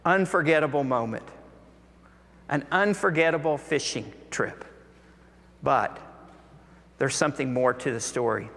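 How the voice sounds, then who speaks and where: A man preaching a sermon, telling a Bible story in an animated way and acting out the voices of its people. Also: medium pitch, unhurried, gravelly, long pauses. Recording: long hall reverb.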